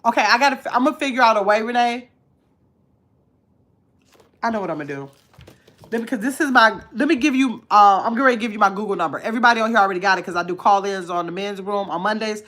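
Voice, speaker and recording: A woman hosting a casual livestream, chatting to her viewers and dropping to a low mumble while she searches her phone. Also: quick pace, a bit bright. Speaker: livestream host.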